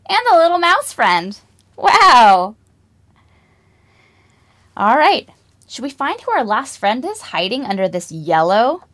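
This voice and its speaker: A woman's voice: on the high side, fairly bright tone. A young woman leading a preschool music lesson, singing and talking to toddlers with exaggerated wonder and lots of questions. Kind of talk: children's lesson, singing and toy play.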